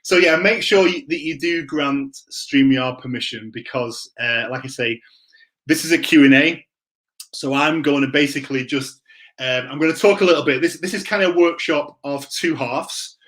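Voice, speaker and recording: A man's voice: a little high, normal speed, a bit bright. A man hosting a live online Q and A, greeting viewers by name in an upbeat, chatty way. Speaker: livestream host. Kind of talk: live Q and A stream chat.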